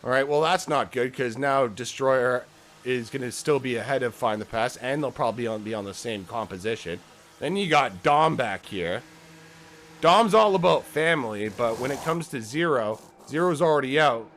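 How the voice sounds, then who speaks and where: A man's voice: medium pitch, normal speed, a bit bright, a little hiss or hum. Joking, foul-mouthed male race commentator. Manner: casual, joking, swears freely. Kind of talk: live sim racing commentary.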